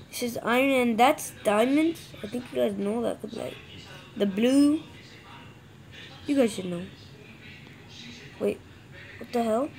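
A woman casually commenting on her own gameplay, excitable, swearing and yelling when frustrated. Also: a little high, slight background noise. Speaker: gamer narrating own play.

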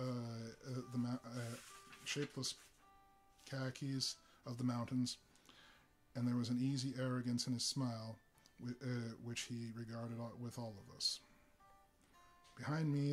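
A man reading a novel aloud in a live session, halting and stumbling over words with frequent fillers. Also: medium pitch. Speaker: reader.

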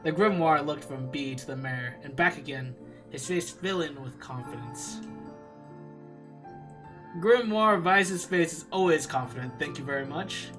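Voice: medium pitch, a little slow, fairly bright tone, soft background music, low-quality recording. A streamer reading a visual novel aloud on a live stream, with playful, self-mocking asides.

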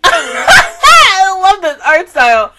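A woman reacting to an anime episode in casual commentary, emotional and excitable, tearing up and gasping. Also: extremely high pitch, extremely slow.

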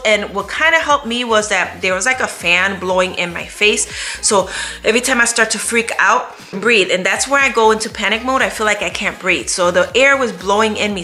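A woman at home telling a story to her viewers in an animated, expressive way, laughing often. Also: mid-range voice. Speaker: vlogger. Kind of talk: storytime chat to camera.

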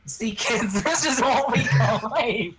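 A woman's voice: a little high, animated, slow, fairly bright tone, slight background noise. A young woman joking with friends during a game session, dramatic and playful. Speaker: player in a group stream. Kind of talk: joking banter over a voice chat.

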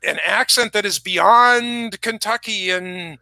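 Gravelly, bright-voiced talkative man. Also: sits high, takes it slowly, no echo. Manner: rambling storyteller, chatty. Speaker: online concert pre-show host. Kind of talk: casual chat. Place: music shop.

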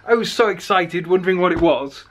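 A man narrating his day in a casual vlog, chatty and quick to rant when annoyed. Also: high voice, noisy background. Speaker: vlogger.

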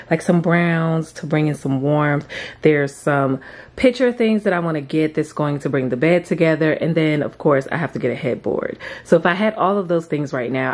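A young woman, gushing excitedly in a casual home vlog and calling out to viewers with "y'all" and "oh my gosh". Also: deep voice. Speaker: vlogger.

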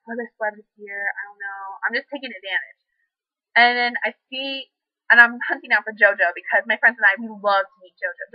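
A young woman vlogging at home, gushing and rambling excitedly with lots of fillers. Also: fairly high pitch, dry recording. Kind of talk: casual chat. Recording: dull lo-fi dry webcam audio.

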